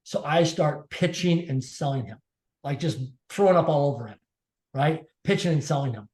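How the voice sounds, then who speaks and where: A man's voice: a little high, expressive, moderate pace, a little mellow. A man telling a personal story as a podcast guest, emphatic and repeating his key phrases. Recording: echoey room.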